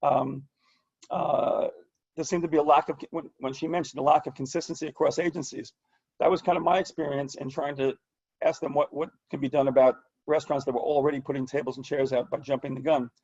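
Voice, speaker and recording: A man who is losing his voice gives a halting, hesitant report at a video-call meeting, full of restarts and fillers. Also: fairly high pitch, steady tone, creaky, darkish tone, breathy edge, muffled recording.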